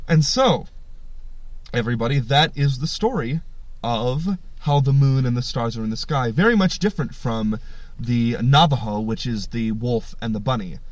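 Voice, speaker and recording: A man's voice: mid-range voice, moderate pace, dry recording, highs cut off. Male podcast host, loose and profane storyteller, close dry sound. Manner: animated, swearing, jumps into voices. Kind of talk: casual storytelling chat.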